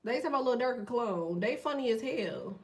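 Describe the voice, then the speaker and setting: A woman hosting a tarot channel, talking in a blunt, profane, fast casual rant. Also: a little high, lively intonation, recorded from a distance. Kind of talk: casual ranting monologue.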